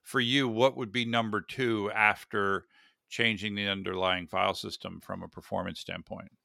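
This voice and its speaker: A man's voice: fairly low pitch, flat delivery, moderate pace, creaky, sharp tone, dry recording, clean studio sound. A man hosting an interview, asking questions and often stumbling over repeated words. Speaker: interview host. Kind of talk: conversational interview.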